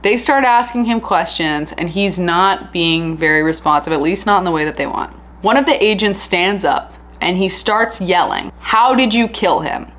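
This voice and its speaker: A woman casually narrating a true crime case, chatty and candid with an animated retelling. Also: fairly low pitch, normal speed, few pauses.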